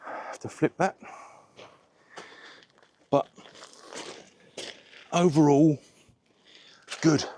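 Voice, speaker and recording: A man chatting to camera while washing a car, relaxed and a little out of breath. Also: on the high side, a little hiss or hum. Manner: chatty, slow and unhurried, self-deprecating. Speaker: car detailing vlogger.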